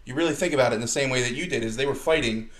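Excited guy on a podcast, roomy echo around him. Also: medium pitch, racing. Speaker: podcast co-host. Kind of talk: casual chat.

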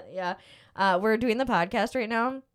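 A middle-aged woman hosts a podcast, her voice a little high as she slowly works through a personal story. She rambles and gets emotional, filling the casual chat with lots of fillers.

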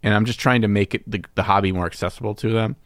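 A man's voice: fairly low pitch, fairly even intonation, racing, dry recording, clean studio sound. A man co-hosting a casual chat, wry and self-deprecating, joking as he explains. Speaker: podcast co-host. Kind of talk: casual banter about tabletop gaming. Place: cold basement room.

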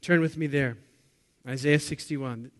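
A man preaching a sermon to his congregation, asking them questions and swinging between loud bursts and quiet, low lines. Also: fairly even intonation, measured pace. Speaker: pastor.

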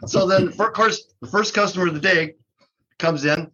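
A man's voice: high voice, normal speed, bright, forceful tone, breathy edge. An older man telling a story as a guest in a casual talk, laughing and cursing, with many restarts, recorded on dull, lo-fi audio. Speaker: guest, drum shop co-owner.

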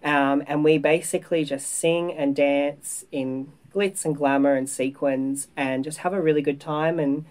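An Australian woman with a notably low voice talks up her productions in an interview. She speaks in an upbeat, clear and promotional way and spells things out carefully. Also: fairly even intonation, measured pace, hardly any pauses, a little mellow. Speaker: guest, theatre producer. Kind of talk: casual interview chat.

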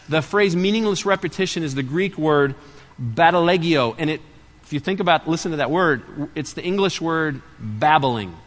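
Pastor, middle-aged man, slightly high voice, animated sermon delivery, long hall reverb. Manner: animated storytelling, swings from loud to hushed.

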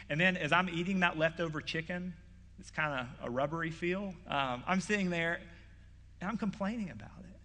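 A young man preaches with a bright, forceful voice that sits a little high for a man. He talks in an earnest, conversational way, and long reverb trails behind his words. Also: normal speed. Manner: earnest, conversational, gets louder and higher when acting out Isaiah's words. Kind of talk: sermon. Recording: hall reverb.

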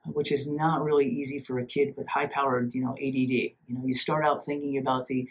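A man hosting a podcast, telling a story casually in an animated, self-mocking way and acting out his own inner voice. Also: mid-range voice, fairly quick. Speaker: podcast host.

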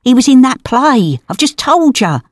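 A woman's voice: high-pitched, very animated, normal speed, no room sound, clean studio sound. A woman playing a nosy, celebrity-obsessed older mum, talking in a brassy, defensive way in a scripted comedy sketch. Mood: proud. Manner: brassy, defensive, casual slang. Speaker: comedy podcast character.

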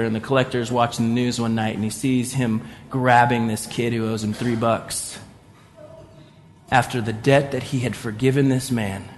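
Man retelling a parable, big hall. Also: mid-range voice. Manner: vivid, imaginative retelling, swinging between loud and hushed. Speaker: pastor. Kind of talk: sermon storytelling.

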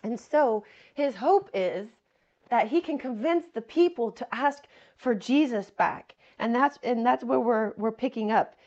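A woman's voice: on the high side, a little slow, a little mellow, dull audio. A woman preaching a sermon, reading scripture aloud and explaining it earnestly, repeating key phrases and addressing her listeners as friends.

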